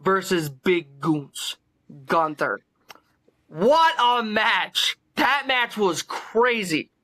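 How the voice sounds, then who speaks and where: Bright-voiced excitable young man. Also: sits high, drawn-out words, no room sound. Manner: excitable, swears freely, hypes matches. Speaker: podcast co-host. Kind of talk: casual chat.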